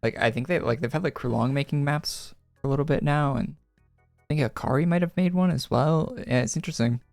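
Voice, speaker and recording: Gravelly-voiced male gaming streamer. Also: a little high, brisk, no room sound, soft background music. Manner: wry, joking asides between flat readings. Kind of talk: reading game dialogue aloud with casual commentary. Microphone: close studio microphone.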